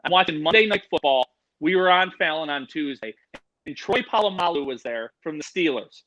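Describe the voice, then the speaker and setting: A middle-aged man, a guest on a casual podcast, telling loud, profane, animated stories. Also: fairly high pitch, fairly quick, rough recording. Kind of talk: casual storytelling chat.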